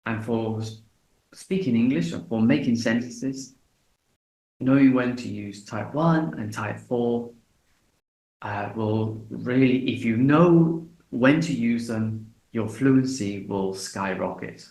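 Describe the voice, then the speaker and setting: A man teaching an English lesson in a relaxed way, repeating example phrases slowly and deliberately. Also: mid-range voice. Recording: echoey room.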